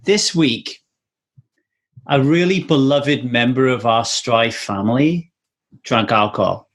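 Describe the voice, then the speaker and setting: A man's voice: mid-range voice, slow pace. A man hosting a casual interview, candid and swearing freely as he tells stories. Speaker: podcast host.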